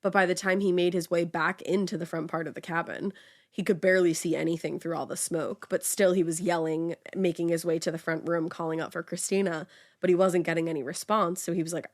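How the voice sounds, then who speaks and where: Chatty low-voiced woman telling a story. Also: flat delivery, brisk. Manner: chatty storytelling with many fillers. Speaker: podcast co-host telling the story. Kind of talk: casual true-crime chat.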